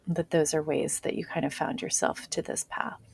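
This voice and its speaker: A woman's voice: sits low, level tone, normal speed, creaky, slightly rough. A woman doctor hosting a podcast who sums up and affirms what her guest says. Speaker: podcast host, physician. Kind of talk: casual interview.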